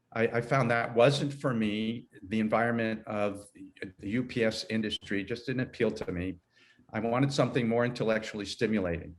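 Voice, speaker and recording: A man in his sixties, an HR consultant, talking through his career in a rambling, self-correcting way and laughing easily. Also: mid-range voice. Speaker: guest, HR consultant. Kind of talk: conversational interview.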